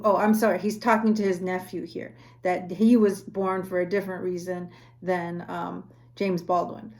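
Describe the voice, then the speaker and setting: A woman's voice: lowish voice, level tone, normal speed, a little mellow. Conversational woman lecturer. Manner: conversational, frequent "right?" checks; reads quoted passages aloud. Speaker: university lecturer. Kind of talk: recorded lecture.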